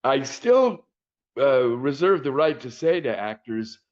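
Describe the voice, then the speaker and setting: A man's voice: mid-range voice, sing-song, takes it slowly, a little mellow. Frank older man, slightly dull audio. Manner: frank, anecdotal, frequent "uh" and restarts. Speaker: casting director, guest. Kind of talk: interview conversation.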